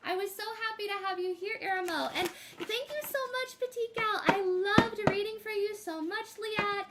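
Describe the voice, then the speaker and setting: A woman's voice: extremely high pitch, normal speed, heavy background noise. A woman giving tarot readings on a casual livestream, gushing and affectionate as she greets viewers. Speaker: tarot reader streaming live.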